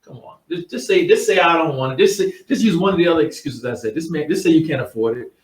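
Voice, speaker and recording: A man's voice: fairly high pitch, expressive, fast talker, darkish tone. A man hosting an insurance advice show, talking casually and bluntly, mocking excuses and repeating himself. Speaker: host giving insurance advice. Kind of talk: casual talk to camera. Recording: roomy sound, mic at a distance.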